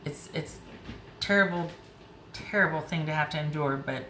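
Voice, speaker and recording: A woman's voice: deep voice, normal speed, fairly bright tone. A woman doing a casual tarot reading, chatty and emotional, thinking aloud as she turns the cards. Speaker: tarot reader. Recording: roomy with faint hiss.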